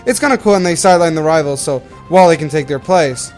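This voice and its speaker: A young Canadian man hosts a let's play, giving casual, rambling gameplay commentary and correcting himself as he goes. His voice is a little high with a darkish tone, he talks fast, and faint music plays behind him.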